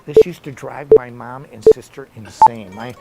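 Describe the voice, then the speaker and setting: A man's voice: medium pitch, moderate pace, creaky, low-quality recording. A middle-aged man giving a guitar lesson in a casual, rambling way, full of anecdotes and asides. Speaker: guitar teacher. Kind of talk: casual one-on-one lesson talk. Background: loud electric guitar playing.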